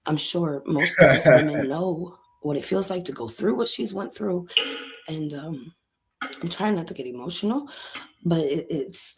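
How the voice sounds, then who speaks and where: Woman doing a spirit box session, low-ish voice, keeps pausing, um this um that, gets choked up. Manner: halting and emotional, many ums and pauses.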